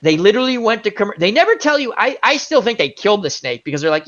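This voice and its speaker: Male host, animated rambling storyteller, higher register, muffled recording. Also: quick pace. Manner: rambling, animated anecdote with many asides. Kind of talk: casual chat storytelling. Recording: dull lo-fi audio.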